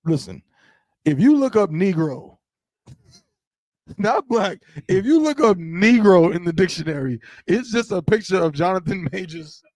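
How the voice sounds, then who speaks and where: A man's voice: high-pitched, moderate pace, no room sound. A man co-hosting a casual podcast, bantering and laughing often. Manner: laughs often, animated and teasing. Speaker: podcast co-host.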